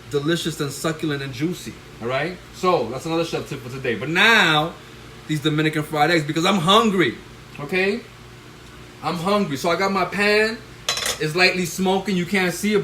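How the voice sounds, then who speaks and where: Excitable chef whooping over a sizzling pan. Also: male voice, fairly high pitch, moderate pace. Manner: excitable, bursts into loud whoops; coaching, tags lines with "all right?" and "okay?". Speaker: chef hosting a cooking stream. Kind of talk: live cooking demonstration. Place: home kitchen, cooking at the stove. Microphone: handheld phone. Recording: kitchen noise with frying sizzle.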